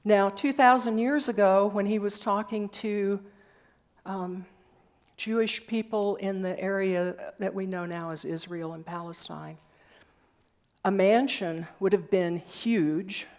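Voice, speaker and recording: Slow-speaking older woman giving a sermon. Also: medium pitch. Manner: storytelling with gentle humor. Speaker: speaker at a spiritual center. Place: church hall.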